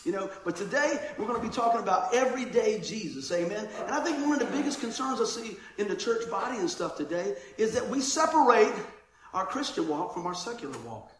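A man's voice: sits high, animated, brisk. A man preaching a sermon in a church, casual and chatty, calling listeners man and bro. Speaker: pastor. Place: church sanctuary. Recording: roomy church echo.

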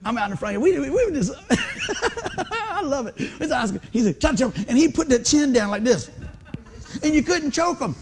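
A man preaching, telling stories in an animated way that swings from hushed asides to excited exclamations. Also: very high voice, fast. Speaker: pastor. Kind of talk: lively storytelling sermon.

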